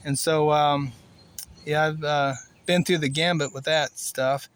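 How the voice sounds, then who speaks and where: A man in his sixties from Cuba telling a personal story in a plainspoken, rambling way, with many fillers and pauses. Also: a little high, steady tone, a bit bright, smooth. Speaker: vlogger.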